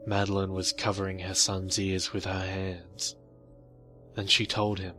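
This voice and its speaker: A man reading a horror story in slow, measured scripted narration. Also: low voice, monotone, a bit bright, faint music behind.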